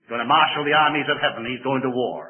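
An older man preaching a sermon in a church, moving between loud, emphatic declaiming and quiet, joking asides to the congregation. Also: mid-range voice, quick pace. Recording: tinny phone-like sermon recording.

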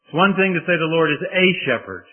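A man preaching a sermon slowly and deliberately, building to emphatic peaks on key phrases. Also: a little high, lively intonation. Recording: tinny phone-like sermon recording.

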